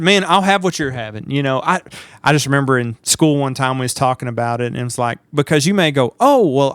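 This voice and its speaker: A man telling a story on a podcast, animated and laughing as he acts out quotes. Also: on the high side, dry recording, studio quality. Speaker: podcast co-host. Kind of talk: casual storytelling chat.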